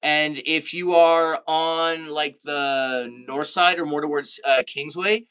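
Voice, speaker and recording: A man from Canada chatting casually on a live stream, reading out viewer comments, laid-back and quick to laugh. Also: fairly high pitch, steady tone, fairly bright tone, clean tone.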